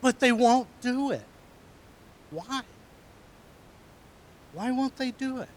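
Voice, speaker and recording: Male pastor with a fairly high voice, giving a slow-paced, animated children's sermon with hushed asides.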